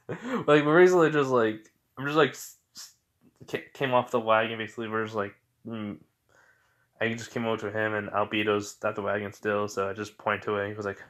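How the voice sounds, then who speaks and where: A young man tells a made-up fan story in a loose, rambling way. He sounds tired, keeps circling back with "basically" and "like", and slips into quick bits of dialogue as he goes. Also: medium pitch, fairly bright tone. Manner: rambling, repeats "basically" and "like", acts out quotes. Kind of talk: casual retelling of an imagined anime adventure.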